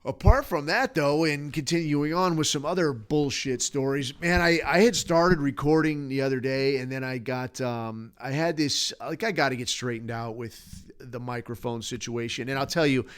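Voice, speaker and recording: A man's voice: mid-range voice, normal speed, few pauses, fairly bright tone, clear, resonant tone. Rambling, profane podcast-host man. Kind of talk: casual solo rant.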